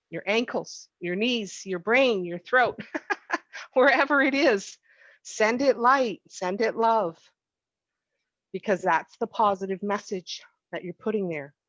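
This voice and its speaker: A woman's voice: fairly low pitch, no echo, dull audio. A woman teaching a healing practice over a video call, guiding the group through repeated soothing chants. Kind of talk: guided healing chant session.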